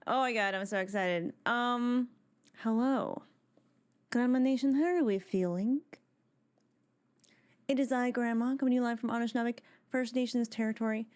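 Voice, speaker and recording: A woman chatting on a casual live stream, excitable and rambling, with lots of "like" fillers. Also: a little high, moderate pace, long pauses, clear, resonant tone.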